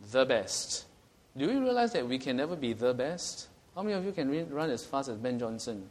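A man's voice: mid-range voice, very animated, brisk. A middle-aged man with a Singaporean English accent, preaching a sermon in a conversational way, asking the congregation questions and chuckling at his own jokes.

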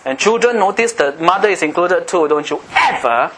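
A middle-aged man with a Singaporean English accent preaching an impassioned sermon, often rising to a shout. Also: high voice, animated, normal speed, rough recording. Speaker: pastor.

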